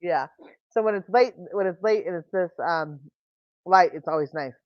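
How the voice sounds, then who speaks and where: A woman's voice: lowish voice, moderate pace, no room sound. Woman rambling on a video call with a friend, muffled lo-fi sound. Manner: chatty, restarts and rambles. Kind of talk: casual chat.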